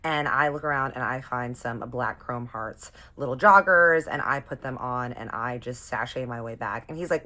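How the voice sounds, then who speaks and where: Young woman, strikingly low voice, chatty slang-heavy storyteller with sassy asides. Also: normal speed, few pauses, sharp tone. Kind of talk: casual storytime vlog.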